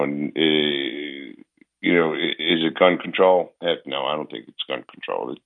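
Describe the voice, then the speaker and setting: A man hosting a radio show, hoarse as his voice recovers from illness, talking in a rambling, halting way with many fillers. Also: rumbling low. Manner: rambling, halting, full of uh and restarts. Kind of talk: casual talk radio monologue. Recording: phone-like narrow band.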